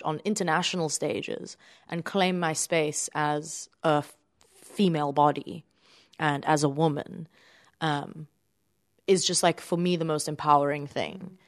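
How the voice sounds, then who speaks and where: Deep-voiced actress. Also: female voice, steady tone, a little slow, no room sound, clean studio sound. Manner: earnest, thoughtful, many fillers. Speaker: stage actress. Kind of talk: interview answer.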